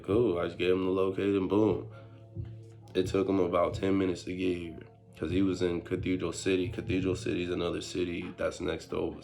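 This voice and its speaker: Deep gravelly young man telling a story. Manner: street slang, animated retelling with quoted voices. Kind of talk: casual storytime.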